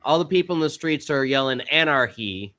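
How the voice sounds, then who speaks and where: A man's voice: on the high side, animated, fairly quick, bright, forceful tone. A man hosting a live stream, joking with a guest and recapping the topics. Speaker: stream host. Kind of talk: casual chat.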